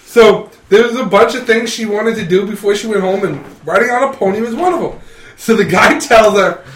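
A man's voice: high voice, a little fast, slight background noise. A man in casual chat, animatedly recapping a comedy film and laughing as he goes. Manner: animated, laughs through his retelling. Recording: roomy sound from a distant mic.

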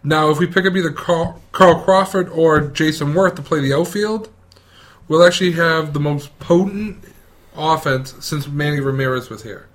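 A slightly high-pitched man runs through the sports news as a keen fan would. His talk is loose and laid-back, with the odd swear word thrown in. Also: moderate pace. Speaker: sports segment presenter. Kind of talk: casual sports recap.

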